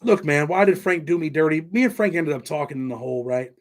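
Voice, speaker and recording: A middle-aged New Yorker with a Southern-tinged American accent hosts a casual livestream, chatting loosely and thanking viewers by name. His voice is fairly high, expressive, and fast.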